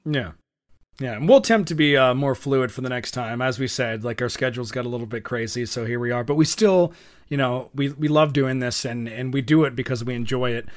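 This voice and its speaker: In a brisk, mid-range voice, a young man rambles through stories while co-hosting a podcast. The chat is casual, and he leans on lots of fillers and restarts.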